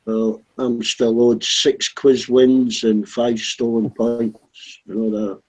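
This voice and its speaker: A man's voice: mid-range voice, little pitch movement, takes it slowly, darkish tone, poor audio. A man chatting casually, teasing with dry jokes. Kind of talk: casual chat.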